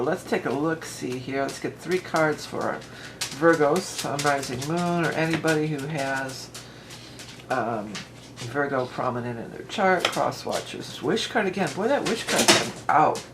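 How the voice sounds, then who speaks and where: Her voice rumbles low with vocal fry, set against a noisy background. She's giving a relaxed tarot reading at home near her dog, chatting in a rambling way and frequently wandering off on tangents.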